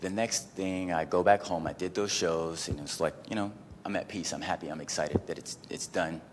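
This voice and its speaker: A man giving a casual personal storytelling talk at an event, animated and full of "like" and "you know". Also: deep voice, moderate pace, big-room sound, slight background noise. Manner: animated, acts out his own inner voices. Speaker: event speaker. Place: event venue.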